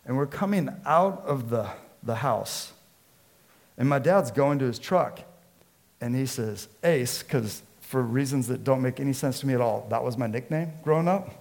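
A man, a pastor from the Seattle area, preaching a sermon with lively storytelling and acted-out quotes. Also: medium pitch, moderate pace, gravelly. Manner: storytelling, animated, acts out quotes.

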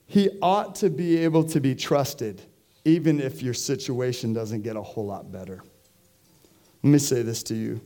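A pastor with a mid-range, warm voice preaches to his congregation at church at a moderate pace. His sermon is conversational, and he often puts questions to the listeners.

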